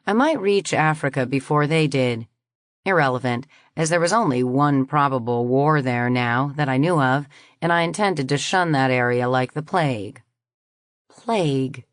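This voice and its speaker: An audiobook narrator with a low female voice reads scripted first-person narration at a moderate pace. The studio recording is clean, with no room sound.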